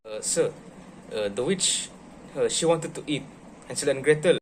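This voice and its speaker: Man playing a student, hesitant, polite, mid-pitched, faint hiss behind. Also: moderate pace. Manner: hesitant, polite answers with fillers. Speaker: student in a classroom role-play.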